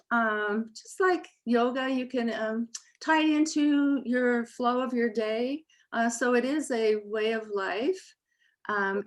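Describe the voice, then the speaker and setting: A woman leading a Reiki meditation circle over a video call, talking gently and hesitantly with many fillers, then reciting principles slowly and calmly. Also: on the high side. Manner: slow, calm recitation.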